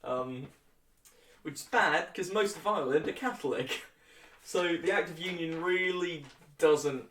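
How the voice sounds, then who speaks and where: A man's voice: fairly high pitch, measured pace, fairly bright tone, recorded from a distance, slight background noise. Flippant young man explaining history, roomy sound. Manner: flippant, jokey asides with chuckles. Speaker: history tutor. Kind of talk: casual lecture.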